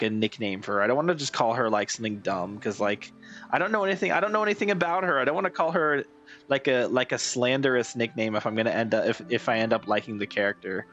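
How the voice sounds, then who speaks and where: A man streaming and chatting casually with his live chat, rambling with lots of fillers and restarts, and getting excited when amused. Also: mid-range voice, lo-fi sound.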